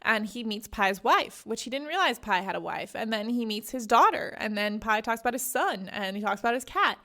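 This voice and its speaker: A young woman hosting a podcast, recapping a novel in a casual, chatty way, acting out lines with big jumps in pitch. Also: animated, fairly quick, pushed and bright. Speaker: podcast host.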